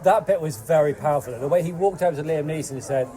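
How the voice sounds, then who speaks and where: A man's voice: fairly high pitch, fast talker, dark tone. A man co-hosting a casual film-review podcast, tossing in dry joking asides. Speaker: podcast co-host. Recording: crowd chatter behind.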